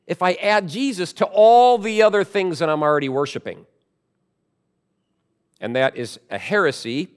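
A man preaching a sermon as pastor, emphatic, with loud stressed words and quieter asides. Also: fairly high pitch.

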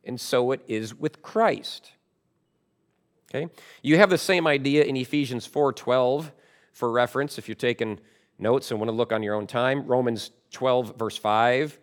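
A man preaching a sermon as pastor, emphatic, with loud stressed words and quieter asides. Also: mid-range voice, measured pace.

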